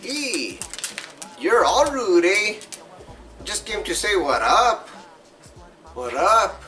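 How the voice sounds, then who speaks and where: A man's voice: sits high, big pitch swings, drawn-out words, pushed and bright, far from the mic, faint music behind, pitched above the performer's own voice, full character voice. A man voicing a swaggering young homie, slangy and cocky. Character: swaggering young male cholo-style homie.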